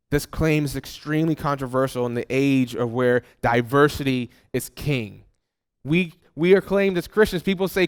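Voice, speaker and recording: A man preaching a sermon as pastor, earnest and repeating phrases for emphasis. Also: medium pitch. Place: church hall.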